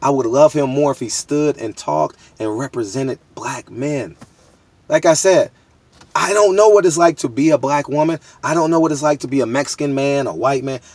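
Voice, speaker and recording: A man's voice: medium pitch, normal speed, a little mellow, no echo. Man, 30s, from the US, vlog monologue, emphatic, street-casual, repetitive. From United States. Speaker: boxing media vlogger. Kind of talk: candid monologue to camera.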